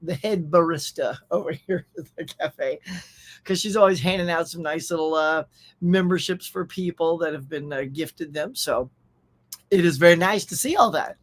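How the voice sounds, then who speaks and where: An American man with a slightly high, somewhat bright voice talks at normal speed while hosting a live pop culture stream. Chatty and upbeat, he laughs frequently and reads his viewers' names and chat messages aloud.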